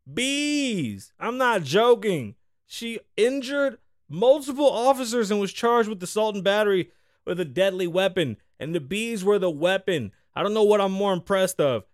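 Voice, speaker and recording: Animated, profane man from the Bronx. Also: high-pitched, no echo, studio quality. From the Bronx, New York. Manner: profane, riffing, teasing a co-host. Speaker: podcast host. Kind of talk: casual freestyle podcast talk.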